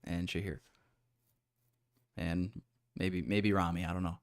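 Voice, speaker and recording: A man's voice: sits low, level tone, slow. A man streaming live while day trading, bantering with his chat in a joking, profane, casual way.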